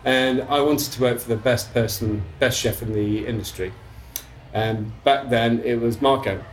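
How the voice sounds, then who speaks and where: A middle-aged English man, a chef, telling stories from his career in a casual interview, with restarts, throat clearing and casual swearing. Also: medium pitch, unhurried, a little hiss or hum. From England. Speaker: chef guest.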